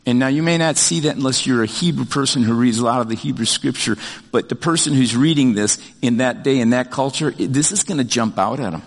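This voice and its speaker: An older man preaching a sermon as pastor, talking in a conversational, animated way with many fillers and restarts. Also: medium pitch, brisk, in a large hall.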